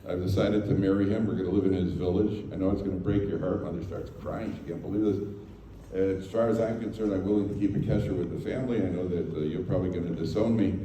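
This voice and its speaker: An American man, a rabbi, talks to a live audience in a deep, warm, very mellow voice, mixing teaching with jokey anecdotes and little acted-out exchanges. The recording comes from a distance in a big reverberant hall with faint noise underneath. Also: fairly even intonation, fast talker. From United States. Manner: chatty, jokey asides, acts out dialogue. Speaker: rabbi giving a talk. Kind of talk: Torah talk with humorous storytelling. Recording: echoey hall, mic from far off.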